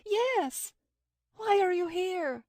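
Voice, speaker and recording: A woman's voice: animated, drawn-out words, darkish tone, no room sound, clean studio sound, full character voice. A woman doing a frantic, tearful young woman. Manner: urgent, pleading, high and tearful. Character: distraught young woman pleading over friend.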